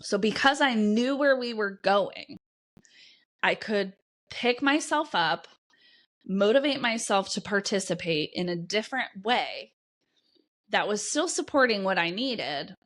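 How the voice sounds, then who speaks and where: Medium in pitch with a fairly bright tone, this woman's voice carries a candid solo podcast monologue. She's a coach hosting her own show, telling her story bluntly and cursing without hesitation.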